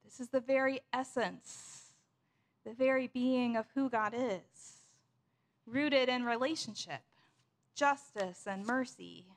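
A woman pastor preaching a sermon in a measured, storytelling way. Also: a little high.

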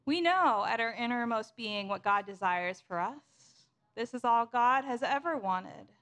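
A woman pastor preaching a sermon in a measured, storytelling way. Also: on the high side, lively intonation, a bit bright.

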